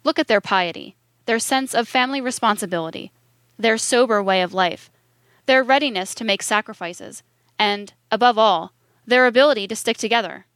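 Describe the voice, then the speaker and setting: A woman's voice: a little high, moderate pace, fairly bright tone, no room sound, studio quality. A woman reading a stern lecturing man. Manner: emphatic, declaiming. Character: stern older male speaker lecturing a friend.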